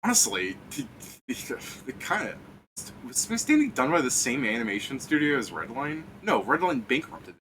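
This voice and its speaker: A man serves as game master on a tabletop game stream. His bright voice sits in a middling range. He rambles and laughs often, and faint noise hums under the talk. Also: mid-range voice, very animated, normal speed, rough recording. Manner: rambling, laughs often, trails off mid-thought. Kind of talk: casual chat during a tabletop game stream.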